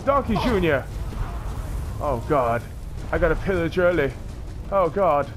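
Rowdy, swearing man gaming loudly. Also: fairly high pitch, animated, measured pace, faint music behind. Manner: rowdy, profane and over the top. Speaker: gamer. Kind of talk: let's play commentary.

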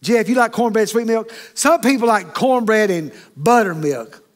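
A man's voice: high voice, moderate pace. A middle-aged man, preaching a sermon as associate pastor in a folksy manner, checking in with the congregation often. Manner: folksy, with frequent "okay?" and "amen?" asides to the congregation.

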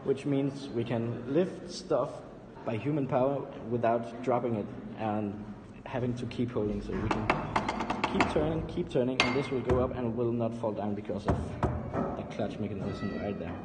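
A young man with a Danish accent, explaining exhibits in a steady way. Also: medium pitch, normal speed. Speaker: student vlogger. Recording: reverberant hall, loud noise.

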